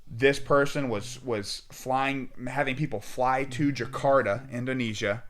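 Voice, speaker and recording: A young man casually telling a story as a podcast guest, animated and acting out both sides of the talk. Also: mid-range voice, measured pace.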